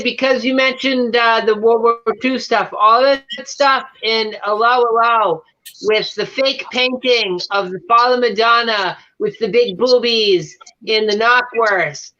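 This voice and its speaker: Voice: mid-range voice, steady tone, a little slow, pushed and bright. A guest in a casual chat who talks with rambling enthusiasm. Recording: dull lo-fi audio.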